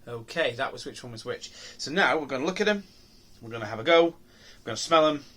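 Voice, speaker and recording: A man in mid-range pitch talks through a beer tasting on his own show. He rambles and muses aloud, trailing off, restarting and asking himself questions as he sniffs and sips. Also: lively intonation, brisk, sharp tone. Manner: rambling, musing, lots of ums and restarts. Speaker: beer reviewer. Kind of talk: casual review monologue.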